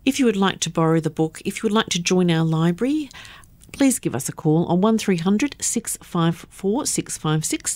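A woman hosting a radio show, presenting in a clear, steady scripted way. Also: on the low side, moderate pace, dry recording.

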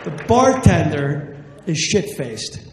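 Profane male stand-up from New Jersey, higher voice, roomy live-hall sound. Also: slow, a faint crowd, slight background noise. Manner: brash, profane, deadpan asides. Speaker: stand-up comedian. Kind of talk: stand-up comedy storytelling. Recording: echoey live hall, faint ambience.

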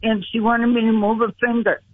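An older woman telling her own story on the phone, earnest and unhurried, acting out her own pleas as she goes. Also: fairly high pitch, flat delivery, breathy edge, dry recording. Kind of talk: slow personal storytelling. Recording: tinny phone line.

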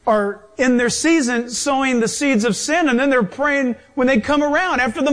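A man preaching a sermon in a lively, animated way, acting out voices as he goes. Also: very high-pitched, moderate pace, hardly any pauses. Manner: animated, acts out voices and quotes.

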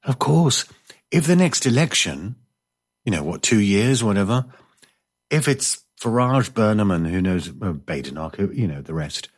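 Rambling, jokey man with a lowish voice. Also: very animated, normal speed, breathy edge. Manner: rambling, jokey, self-mocking asides. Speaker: host reading listener messages. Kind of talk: casual chat. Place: indoors, living in coastal Spain.

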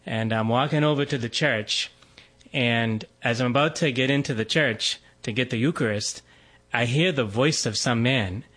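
A man, a Catholic priest telling a relaxed personal story with frequent fillers and laughs. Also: medium pitch, normal speed. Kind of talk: conversational testimony.

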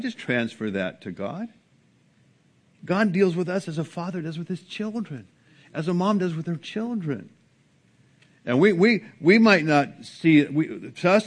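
A male pastor delivers a sermon in a church sanctuary. His voice sits in an ordinary middle pitch, earnest and conversational, climbing in emphasis and then falling to a hushed, drawn-out close. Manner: earnest preaching with strong rises and hushed drops.

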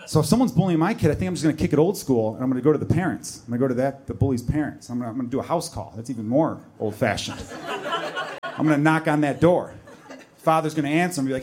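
A man's voice: mid-range voice, fast talker, a little mellow. A man doing a stand-up set, telling a blunt, escalating story about being a protective father of two boys. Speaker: stand-up comedian.

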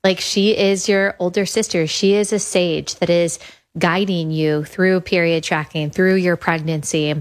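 Young woman host, earnest and eager, slightly low voice, casual monologue. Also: steady tone, measured pace. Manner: earnest, enthusiastic, repeats phrases. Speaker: podcast host launching an app.

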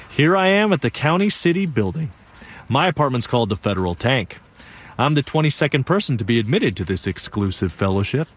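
A young actor narrating a one-man stage play as an earnest young man, telling the story in a lively, wry way. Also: mid-range voice, lightly acted.

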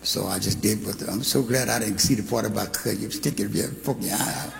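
Male preacher, gravelly voice, long church reverb, testimony and sermon, fervent delivery. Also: on the low side, a little fast. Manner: animated storyteller, rising to fervent preaching. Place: church sanctuary.

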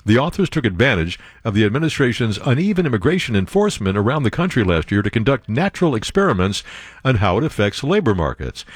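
A man hosting a talk radio show, telling stories in a casual, animated way with frequent laughs, on a studio microphone. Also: medium pitch, slightly rough, no room sound. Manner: animated storyteller, laughs often, restarts.

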